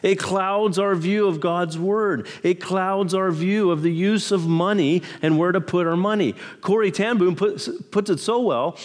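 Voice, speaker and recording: A man preaching a sermon in an emphatic, measured way, asking rhetorical questions. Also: sits high, in a large hall. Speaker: pastor.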